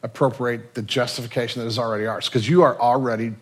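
A male pastor preaches a sermon full of stories, swinging lively between loud and quiet passages. His husky, medium-pitched voice moves fast.

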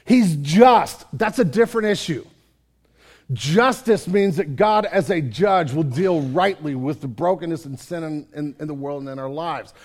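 A man preaching a sermon, telling a parable with animated storytelling and acting out the characters. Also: a little high, moderate pace. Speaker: pastor.

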